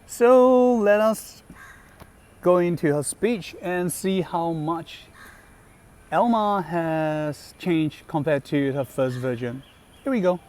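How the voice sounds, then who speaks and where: A man hosting a gaming channel, chatting casually about a character's voice lines. He speaks haltingly, with many fillers and self-corrections. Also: fairly high pitch, lively intonation, a little mellow. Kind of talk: casual commentary on game voice lines.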